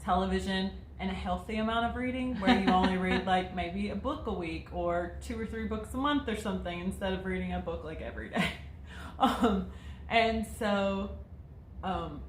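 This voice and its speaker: A woman's voice: mid-range voice, normal speed, a little hiss or hum. Chatty, laughing young woman in an echoey room. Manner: chatty and rambling, laughs often, many fillers. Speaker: co-host reading viewer questions. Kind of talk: casual chat.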